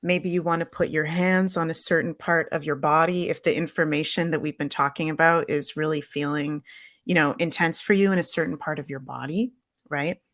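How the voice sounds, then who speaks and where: A woman on a livestream video call, speaking earnestly and guiding a slow, soothing breathing visualization. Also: low voice, steady tone, fairly bright tone, no echo, clean studio sound. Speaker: spiritual guest. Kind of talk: guided visualization.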